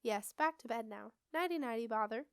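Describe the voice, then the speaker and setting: A woman's voice: on the high side, measured pace, no echo, studio quality, lightly acted. A woman voicing a dreamy, creepy sleepwalking witch in a strange sing-song voice.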